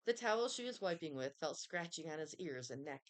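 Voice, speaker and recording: Low lively lady reading a kids' chapter book, expressive storytelling. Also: fairly quick. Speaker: reader. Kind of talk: children's book read-aloud.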